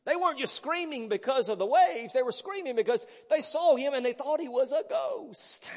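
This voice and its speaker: High-voiced, lively preaching man. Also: normal speed, long reverb tail. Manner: emphatic preaching, dramatic swings from loud to hushed. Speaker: pastor. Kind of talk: sermon.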